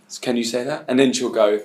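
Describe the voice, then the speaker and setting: A man's voice: medium pitch, darkish tone, echoey room. A man teaching a bootcamp session, telling a story and acting out both sides of a chat.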